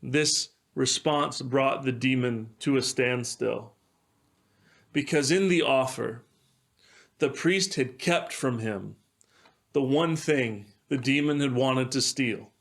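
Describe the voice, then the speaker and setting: A pastor telling a devotional story in a measured way, with occasional fillers. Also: male voice, mid-range voice, vocal fry, fairly bright tone.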